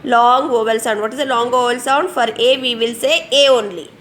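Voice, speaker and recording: A kindergarten teacher with an Indian English accent teaches young children phonics online, spelling words letter by letter and patiently repeating them. Her voice is a little high and a bit bright, at normal speed, with a little hiss or hum on the recording.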